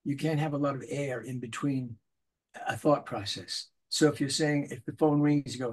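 Here an older male voice actor chats as an interview guest, speaking at normal speed in a medium pitch. He's a lively storyteller who slips into little character voices while recounting anecdotes in this casual conversation.

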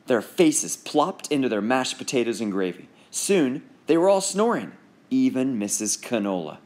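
A man reading a children's book aloud in an expressive, animated narration. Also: mid-range voice, moderate pace. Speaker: audiobook narrator.

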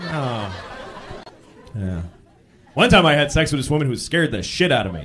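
A male comedian telling stories in a stand-up set, shouting out the lines of people he acts out. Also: medium pitch, heavy background noise. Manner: animated storytelling, shouting acted-out quotes. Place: comedy stage. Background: audience laughter.

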